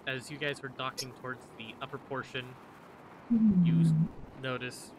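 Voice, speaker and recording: Male game master, measured scene-setting narration, noise behind. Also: medium pitch, fairly even intonation. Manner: slow, descriptive narration. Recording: noisy room recording.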